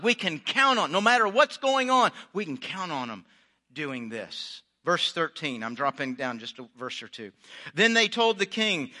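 A man's voice: high voice, lively intonation, moderate pace, bright, forceful tone. A man preaching a sermon, reading scripture aloud and adding chatty, joking asides for his congregation. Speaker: pastor.

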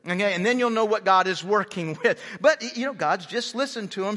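Male pastor, humorous sermon, bright tone, long hall reverb. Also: sits high, normal speed, few pauses. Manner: animated, conversational, humorous, stammering restarts.

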